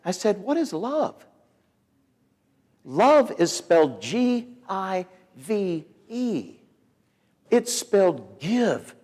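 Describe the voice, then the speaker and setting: A man preaching to a school crowd, spinning a funny tale with a playful, theatrical delivery. His pitch leaps and dives as he acts out each person, and his voice rings through a large echoey hall. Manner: animated, playful, acts out the people in his story. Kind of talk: sermon told as a comic story. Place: school chapel or auditorium.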